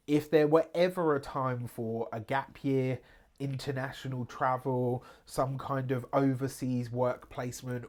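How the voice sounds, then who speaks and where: A man reading tarot cards for viewers in a loose, conversational way. He chats freely, tosses in quick asides and jokes at his own expense. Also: medium pitch, a little mellow. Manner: chatty, laughs at himself, frequent "right?" asides. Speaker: tarot reader. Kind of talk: casual tarot reading to camera.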